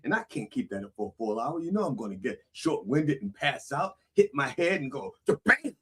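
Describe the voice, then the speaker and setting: A man's voice: medium pitch, big pitch swings, fairly quick, husky. A man hosting a comedy show as a bawdy, preacherly reverend, with an American accent, often repeating "that's right.". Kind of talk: parody sermon.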